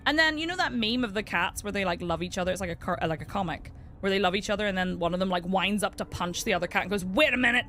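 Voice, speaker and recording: A woman's voice: medium pitch, quick pace, few pauses, slight background noise. A woman, chatting and telling stories while streaming a game, laughing often. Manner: chatty storyteller, animated, laughs a lot. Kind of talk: casual chat while playing a game.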